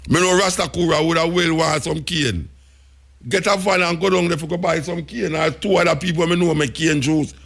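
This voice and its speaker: A Jamaican radio talk show host arguing with a caller and scolding him. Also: male voice, fairly high pitch, steady tone, fairly quick, creaky, a bit bright. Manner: exasperated, scolding, interrupting. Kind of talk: call-in radio chat.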